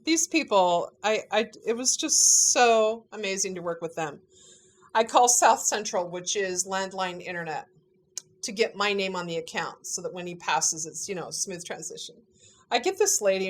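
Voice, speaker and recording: A woman's voice: mid-range voice, normal speed. Chatty woman telling family stories. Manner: chatty, animated, laughs often. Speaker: family member recounting a parent's final weeks. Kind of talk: casual family storytelling.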